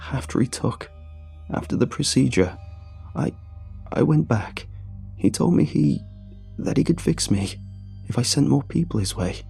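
A man's voice: lowish voice, unhurried, creaky, mellow, breathy edge, faint music behind, full character voice. A man voicing a bitter, sobbing middle-aged drunk with a graying beard, in a scripted horror story reading. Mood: pleading.

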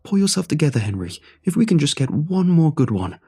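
A man's voice: a little high, big pitch swings, a little fast, darkish tone, slightly rough, voice pushed up, exaggerated voice. A man voicing a curt, ruthless man pressing his partner, in a horror story reading. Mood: pushy. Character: ruthless pushy man, greedy schemer.

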